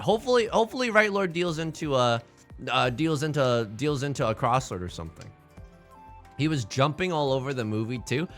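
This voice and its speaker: During a mahjong live stream, a young man keeps up casual chatter, rambling and tossing joking asides to his chat. He talks at a normal speed in a medium-pitched, sing-song, slightly bright voice, with faint music underneath.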